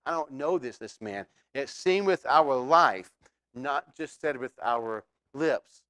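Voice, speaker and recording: Smooth-voiced conversational male pastor. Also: medium pitch, expressive, slow pace, bright, forceful tone, dry recording, clean studio sound. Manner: conversational, questioning the congregation, with fillers. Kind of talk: sermon.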